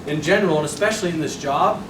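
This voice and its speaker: A young man giving a motivational sales training talk, telling a personal story in an animated way and acting out his own quotes. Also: on the high side, fast. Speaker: sales trainer presenting to a team. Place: meeting room. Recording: echoey room, mic far off, noisy.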